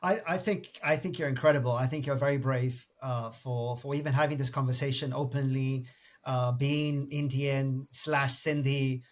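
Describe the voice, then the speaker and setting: A man co-hosts a podcast interview with a mid-range voice. He is effusive and halting, often restarting his sentences. He keeps the talk casual. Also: medium pitch, steady tone. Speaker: podcast co-host.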